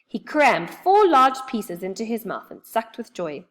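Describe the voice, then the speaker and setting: A woman reading a children's storybook aloud with expressive, lively storytelling. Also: a little high, a little slow, few pauses.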